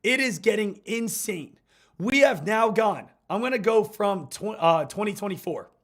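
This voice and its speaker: A hoarse man, getting over an illness, giving hyped, repetitive live market commentary as a stock trading streamer. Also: high voice, animated, unhurried.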